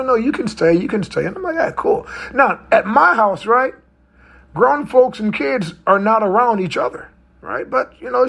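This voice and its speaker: A man's voice: sits high, creaky, a bit bright. A middle-aged man, a mental health coach, telling a personal story in a loose conversational way with frequent tag questions. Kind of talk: storytelling talk.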